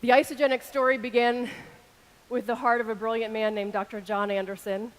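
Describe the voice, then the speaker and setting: A woman in her thirties speaking on an arena stage with a fairly high voice. She moves between loud shout-outs to the crowd and a slower, intimate delivery, all through a stage microphone. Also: level tone, a little hiss or hum. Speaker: keynote speaker. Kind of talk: arena keynote speech.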